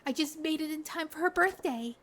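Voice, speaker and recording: A woman's voice: high-pitched, a little fast, fairly bright tone, slight background noise. A woman voicing a nervous young man who gave a faked gift, talking in a hesitant, apologetic, stammering way. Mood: relieved.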